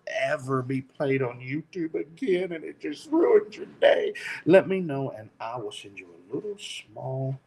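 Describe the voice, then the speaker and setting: A man with a Tennessee accent chats casually on a livestream. He talks at an unhurried, drawn-out pace with frequent ums, easygoing and joking, in a voice of ordinary middle pitch. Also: a little mellow, poor audio. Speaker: FPV drone channel host.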